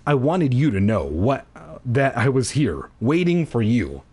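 A man reading aloud as a menacing young man who lives in a basement, speaking low, cold and insistent. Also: sing-song, unhurried, dark tone, slightly rough, exaggerated voice. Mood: calm. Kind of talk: comedic dramatic reading.

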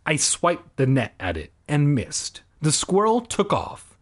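A man's voice: fairly high pitch, wildly swooping pitch, measured pace. A man reading a children's book aloud, cutting in with sarcastic jokes. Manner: sarcastic, jokey interruptions. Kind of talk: comedic book reading with asides.

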